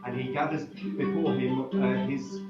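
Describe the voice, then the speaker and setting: Brief: male live storyteller, playful and chatty, mid-pitched, heard from afar in a roomy hall with dull sound. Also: steady tone, a little slow. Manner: playful, chatty, breaks off to joke with the audience. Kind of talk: live comic storytelling to an audience. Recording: echoey room from far, dull sound with faint music.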